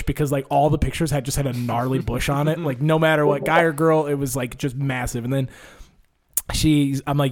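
A man's voice: a little high, fast talker. A young man hosting a casual chat with friends, telling stories with lots of laughs. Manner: animated storyteller, laughs often.

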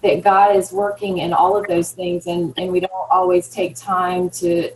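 A woman guest speaking in a soft-spoken, thoughtful way in casual chat. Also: fairly low pitch, flat delivery, normal speed, poor audio.

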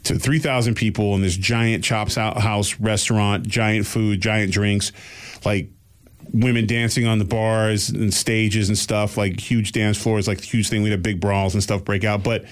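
A man telling a long story in a casual, animated way, with voices for the people he quotes. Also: on the low side, measured pace. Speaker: podcast guest telling a story.

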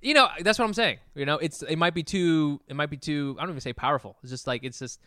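A man co-hosting a comedy podcast, rambling through jokes with deadpan exaggeration. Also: on the high side, quick pace, no room sound, studio quality. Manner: joking, rambling, deadpan hyperbole. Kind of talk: casual comedy podcast banter.

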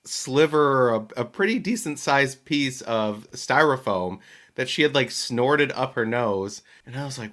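Man, podcast co-host, mid-pitched, animated storyteller who laughs easily. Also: moderate pace. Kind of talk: casual storytelling chat.

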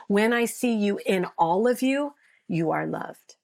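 Gravelly-voiced woman preaching earnestly. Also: medium pitch, expressive, unhurried, a little mellow. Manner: earnest preacher's cadence, voices biblical figures with rising intensity. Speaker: pastor and author, podcast guest. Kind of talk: passionate faith conversation.

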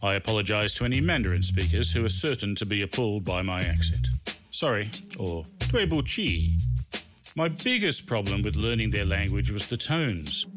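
A middle-aged man, reading a humorous memoir of his own with dry, self-mocking wit. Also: fairly low pitch. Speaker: memoir narrator. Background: background music.

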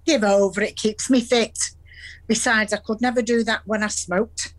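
A woman's voice: mid-range voice, fairly even intonation, close to an everyday voice. An actress playing an older Salford grandmother with a Salford accent, who tells earthy stories from the past with plenty of laughs. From Salford, England. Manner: storytelling, earthy, quick to laugh. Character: warm chatty Salford grandmother with dementia.

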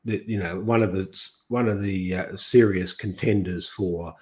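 A man's voice: low voice, steady tone, moderate pace, a little mellow. An older man from Australia, a guest in a political interview, talking in long rambling sentences full of restarts and quoted asides.

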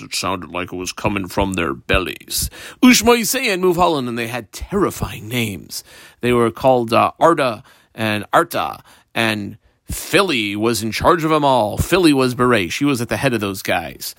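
A man's voice: mid-range voice, big pitch swings, moderate pace, fairly bright tone. A man walks his listeners through a Talmud page line by line, his voice rising and falling with real animation. He plays out the characters with modern examples and keeps a playful tone. The sound is dry and close, with no room echo. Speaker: Talmud teacher.

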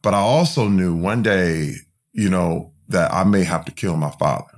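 A man's voice: deep voice, normal speed. A man from Flint, Michigan, speaking as a podcast guest, telling his own story candidly and emphatically, full of fillers and restarts. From Flint, Michigan, USA.

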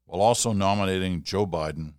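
A man's voice: deep voice, fast, darkish tone, no room sound, clean studio sound. An older man hosting a solo podcast, chatting in a rambling way with self-deprecating asides. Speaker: podcast host. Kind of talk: casual solo podcast monologue.

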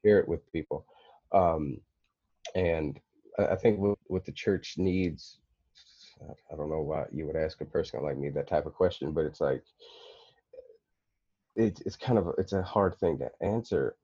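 A man's voice: rumbling low, a little slow, long pauses, mellow, slightly rough, dry recording, dull audio. A man talking as a podcast guest in casual conversation, rambling with many fillers and restarts.

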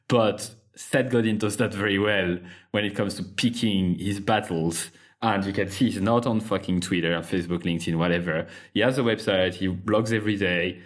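A man with a French accent talks as a podcast host, his voice sitting a little low. He is frank and loose, restarting sentences and dropping casual swear words as he goes. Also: moderate pace. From France. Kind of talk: casual conversation.

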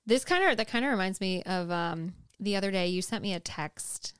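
A woman's voice: mid-range voice, expressive, normal speed, fairly bright tone, clean tone, no echo, studio quality. A woman co-hosting a podcast, reading listener comments aloud and chatting with curiosity. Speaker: podcast co-host.

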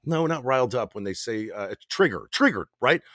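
A man co-hosting a relaxed chat podcast, blunt and given to swearing, his pitch swinging widely as he gets worked up. He trails off and restarts his thoughts often. The room sounds dry and close. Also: brisk, dry recording. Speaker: podcast co-host. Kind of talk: casual chat between spouses.

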